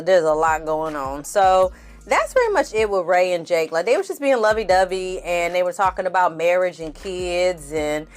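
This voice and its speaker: A woman hosting a casual reality TV recap, laughing often, swearing freely and calling her viewers "y'all" and "honey.". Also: fairly low pitch. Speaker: TV recap host.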